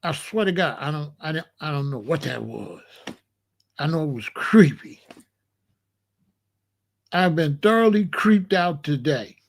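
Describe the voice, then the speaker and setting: Pitched on the high side, his voice is animated and creaky, moving at a measured pace with frequent pauses. He's the host of a commentary channel, casually talking to his chat during a live reaction stream, repeating lines and tossing out questions.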